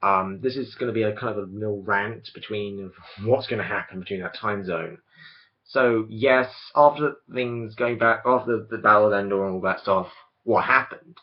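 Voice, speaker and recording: Speaking to camera in a dull lo-fi recording, a young man vlogs an opinionated, rambling rant about a film franchise. He keeps interrupting himself to start over, with a lowish voice at a moderate pace.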